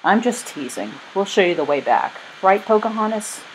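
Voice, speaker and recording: A woman's voice: mid-range voice, expressive, moderate pace, a little hiss or hum, natural voice, low-quality recording. A woman voicing a playful young woman who teases a friend, in a storybook reading. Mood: teasing. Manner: teasing, lighthearted.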